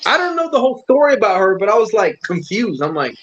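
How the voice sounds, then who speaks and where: High-voiced profane man telling army stories. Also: fast, lo-fi sound. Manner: profane, animated, acts out others' lines. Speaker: army veteran reminiscing. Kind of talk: casual storytelling among friends.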